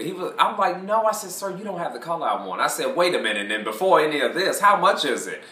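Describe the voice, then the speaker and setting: A man's voice: fairly high pitch, fast, hardly any pauses, echoey room. A man telling a funny shop story in casual chat, acting out both sides and swearing and laughing freely. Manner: animated, acts out both sides of a shop argument.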